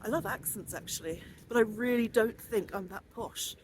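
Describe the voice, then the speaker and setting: A woman's voice: on the high side, moderate pace, a little hiss or hum. A woman in her forties with a southern English accent, chatting casually and rambling a little as she films a vlog while walking outdoors. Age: 40s. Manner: chatty, rambling, self-deprecating. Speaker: vlogger.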